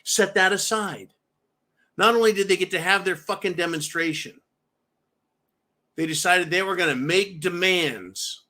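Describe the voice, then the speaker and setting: A man's voice: high voice, unhurried, pauses often, pushed and bright. A man hosting a political commentary show, ranting angrily and swearing constantly while he talks to his viewers. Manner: profane, furious, repeatedly addresses viewers as folks. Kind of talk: angry political rant.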